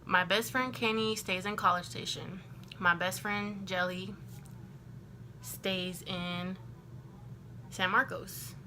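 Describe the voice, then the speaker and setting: A young woman from Texas telling a storytime to her camera in a chatty, animated way, full of "like" and acted-out quotes. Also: medium pitch, slow pace, long pauses, noisy background. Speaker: vlogger. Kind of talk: casual storytime.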